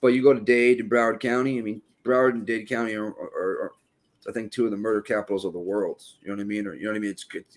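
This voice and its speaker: A man's voice: on the low side, steady tone, fast talker. A man in his late thirties with a Boston accent, talking in casual podcast chat, rambling with restarts and frequent swearing. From Boston area.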